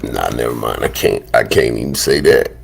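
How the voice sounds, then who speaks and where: A man's voice: very deep voice, moderate pace, vocal fry. A man hosting a livestream in casual chat, hesitant and slangy, often repeating himself. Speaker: livestream host.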